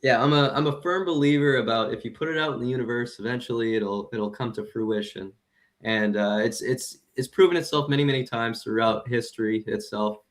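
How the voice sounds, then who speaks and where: A male podcast co-host telling a joke in deadpan, casual chat. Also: medium pitch, brisk.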